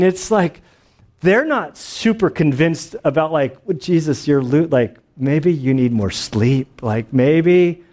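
A male pastor teaches through a Bible passage in a loose, conversational way. He rambles, circles back and fills his speech with filler words and small laughs. His voice sits at an ordinary middle pitch. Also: darkish tone.

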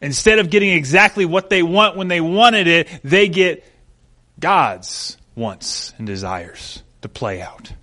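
A young adult man preaching a sermon, telling stories with an animated delivery that swings from quiet to loud. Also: a little high, a little slow. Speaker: pastor.

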